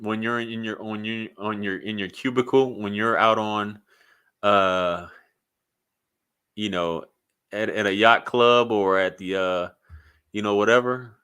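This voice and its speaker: Low, forceful man ranting on a vlog. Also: fairly even intonation, measured pace, pauses often, clean tone. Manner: blunt, profane, rambling with restarts. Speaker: YouTube commentator. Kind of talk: casual commentary vlog.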